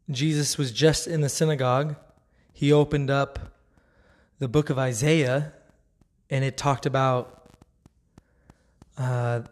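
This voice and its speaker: A man's voice: mid-range voice, a little mellow. A man giving a casual devotional talk, earnest and conversational, often laughing. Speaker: Christian speaker.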